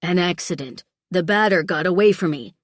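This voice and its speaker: Curt, gruff mountain man, as a woman reads him. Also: lowish voice, normal speed, no echo, studio quality, close to an everyday voice. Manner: curt, clipped grumbling replies. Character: gruff, taciturn big mountain-guide man. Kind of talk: audiobook character voice.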